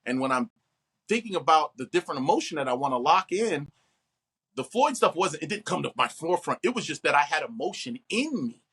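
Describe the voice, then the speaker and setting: A man's voice: a little fast, breathy edge. A middle-aged man, an actor, talking animatedly in an interview and acting out quoted voices. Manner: expressive, acts out quotes with big pitch jumps.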